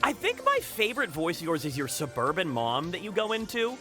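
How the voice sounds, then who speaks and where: A man's voice: sits high, wildly swooping pitch, a little fast, sharp tone, soft background music. A man hosting a casual chat podcast, rambling and repeating words, laughing often. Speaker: podcast host.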